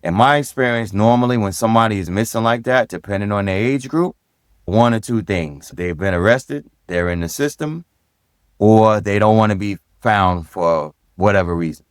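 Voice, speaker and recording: A middle-aged man from Brooklyn, telling stories in a podcast interview. His voice sits fairly low and sounds close and dry. He talks in a relaxed, direct way and livens up when he replays conversations. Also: normal speed, smooth, no echo. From Brooklyn, New York. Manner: easygoing and direct, animated when recounting dialogue. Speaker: guest, former police sergeant and DJ. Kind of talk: casual storytelling in a podcast interview.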